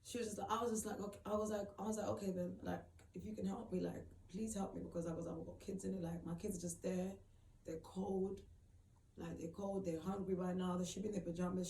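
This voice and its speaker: A woman's voice: medium pitch, dark tone. Emotional woman recalling hard times. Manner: halting, repeats phrases, many fillers. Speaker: vlogger telling her own story. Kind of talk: emotional personal storytelling. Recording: roomy, distant mic, faint background noise.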